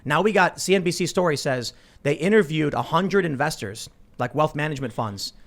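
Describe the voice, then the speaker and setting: A man hosting a political talk show, telling stories in an animated, self-interrupting way. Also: a little high, a little fast. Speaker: podcast host.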